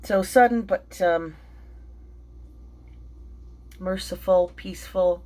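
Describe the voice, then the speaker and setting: A middle-aged woman telling an emotional personal story, halting, with many fillers and restarts, and sounding tearful and shaken. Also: fairly low pitch, a little mellow. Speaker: vlogger and mindfulness teacher.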